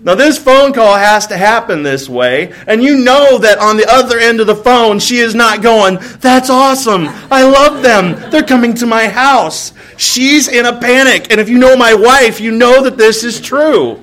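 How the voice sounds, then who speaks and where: A male pastor with a very high-pitched, fairly bright voice preaches a sermon in church at a moderate pace, rarely pausing. He tells humorous stories, acts out bits of dialogue, and keeps asking the crowd "right?"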